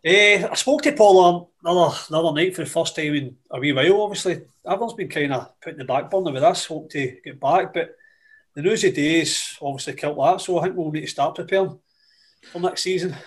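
A man with a Scottish accent, an assistant football manager telling cheeky stories with swearing. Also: on the high side. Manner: rapid, swearing, cheeky anecdotes. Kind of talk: casual storytelling.

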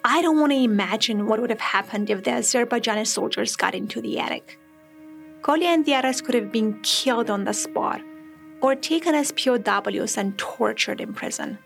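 A woman hosting a podcast, telling a true story in measured, reflective scripted narration. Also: on the high side, lively intonation, vocal fry, soft background music.

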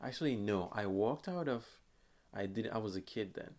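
A man's voice: on the low side, lively intonation, moderate pace, darkish tone. A young man hosting a podcast, talking in a rambling, casual way with frequent laughs and restarts. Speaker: podcast host. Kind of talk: casual chat.

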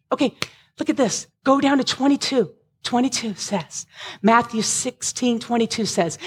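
A woman preaching a sermon, impassioned, at times rising to shouts with a breaking voice. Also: a little high, husky.

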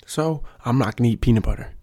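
A man's voice: medium pitch, fast talker, mellow. A young adult man, a PE teacher, rambling in a casual, jokey monologue and working himself up. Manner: jokey, self-mocking, gets worked up.

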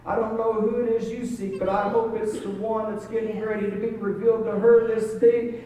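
High-pitched guy preaching in a church, dramatic storytelling, lots of room echo, mic kinda far. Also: level tone, a little fast, mellow, slight background noise. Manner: dramatic storytelling, voice rising and falling. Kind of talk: sermon. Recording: echoey hall, mic far off.

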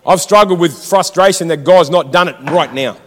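A man's voice: fairly high pitch, normal speed, fairly bright tone, big-room sound. A man preaching a sermon in a church, fired up and exhortative, calling out to the congregation. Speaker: pastor.

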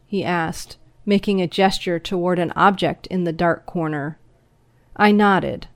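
A woman reading an audiobook chapter aloud in a steady, measured storytelling voice. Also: lowish voice, no echo. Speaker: audiobook narrator. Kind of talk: scripted narration.

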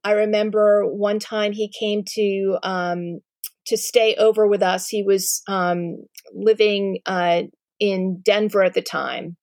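A middle-aged woman telling a personal family story to an audience, candid and animated, with many ums and restarts. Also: medium pitch, takes it slowly, dry recording, clean studio sound.

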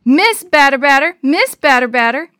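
A woman's voice: high-pitched, lively intonation, moderate pace, pushed and bright, no room sound, clean studio sound, voice pushed up. Woman doing a jeering schoolboy bully. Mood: taunting. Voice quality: mocking, jeering. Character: taunting older schoolboy bully.

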